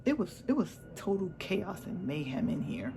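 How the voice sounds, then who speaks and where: A woman's voice: on the low side, big pitch swings, moderate pace, creaky, noisy background. A woman vlogger candidly telling a personal story in a chatty, repetitive way. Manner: candid, chatty, repeats herself.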